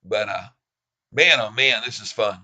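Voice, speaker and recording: Excited bright-voiced man streaming. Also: fairly low pitch, measured pace. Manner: excitable, laughs often, improvises sung jingles. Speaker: stock livestream host. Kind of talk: live stock-trading stream chat.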